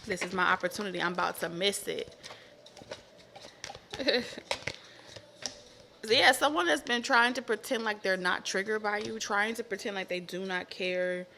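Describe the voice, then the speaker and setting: A woman giving a casual tarot reading to camera, animated and profane, repeating herself with laughing asides. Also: medium pitch, moderate pace, gravelly, long pauses, a little hiss or hum. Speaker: tarot reader.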